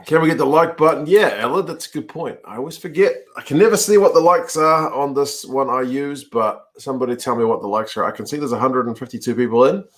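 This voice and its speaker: A man's voice: mid-range voice, fast talker, hardly any pauses. A man hosting a live rugby watch-along, chatting casually, reacting to the play and answering viewer comments. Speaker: host.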